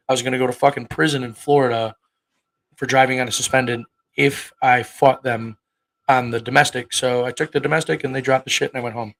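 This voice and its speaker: The poorly recorded voice of a livestream host in his thirties is fairly bright and of medium pitch. He rambles casually to his viewers, swearing bluntly along the way.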